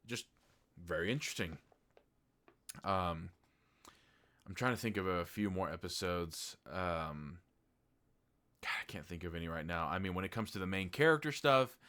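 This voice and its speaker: A man with a very low, deep voice chats through a casual review of a TV show. He rambles and circles back with plenty of fillers and a bit of swearing, sounding like an off-the-cuff vlog. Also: bright, forceful tone. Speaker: TV review vlogger.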